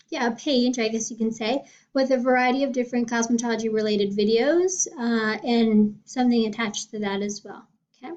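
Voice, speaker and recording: A woman cosmetology teacher casually walking through her weekly lesson planning, often checking in with "okay?". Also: fairly high pitch. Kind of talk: casual screen walkthrough. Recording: dull lo-fi sound.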